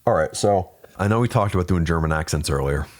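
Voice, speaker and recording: A man's voice: low voice, quick pace. A man co-hosting a comedy podcast, chatting and reading fan fiction aloud with dry, laughing asides. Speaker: podcast co-host. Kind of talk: casual chat and comic reading of fan fiction.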